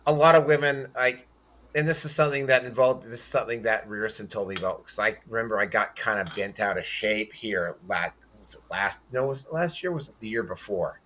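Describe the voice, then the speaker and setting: A man's voice: on the low side, sharp tone. Blunt, profane man ranting casually. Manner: blunt, profane, rambling with many restarts. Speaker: podcast host. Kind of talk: casual livestream chat.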